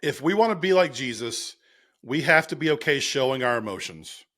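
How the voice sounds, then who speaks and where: A man co-hosting a podcast, retelling scripture stories in a casual, animated way and acting out the lines. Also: mid-range voice, moderate pace. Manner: animated storyteller, acts out quotes, laughs often. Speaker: podcast co-host.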